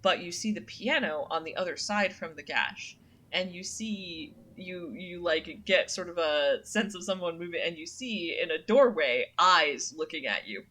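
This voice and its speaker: Speaking at normal speed, a young woman with a fairly low voice sounds pushed and bright. She streams a story game, chatting casually, reading the narration aloud in second person, and using fillers like um and uh throughout her laid-back let's-play commentary.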